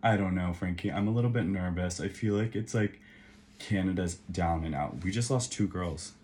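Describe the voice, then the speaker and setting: Deep-voiced man rambling on a podcast. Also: normal speed. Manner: rambling, filler-heavy, excitable. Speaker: podcast co-host. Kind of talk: casual chat.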